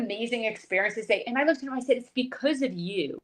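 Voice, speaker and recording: A woman's voice: fairly high pitch, quick pace, few pauses. A woman who is a podcast guest, telling an emotional personal story with many restarts over a video call. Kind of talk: conversational storytelling.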